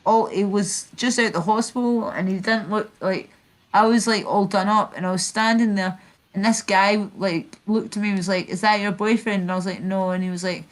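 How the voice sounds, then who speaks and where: A woman's voice: medium pitch, fairly even intonation, moderate pace. A Scottish woman streamer telling rambling stories in casual chat, full of fillers and restarts. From Scotland. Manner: rambling, filler-heavy storytelling.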